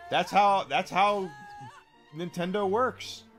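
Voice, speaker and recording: A man's voice: sits high, takes it slowly, fairly bright tone. Emphatic ranting man with faint music. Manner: emphatic, profane, repeats phrases for stress. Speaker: game streamer. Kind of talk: casual rant to chat.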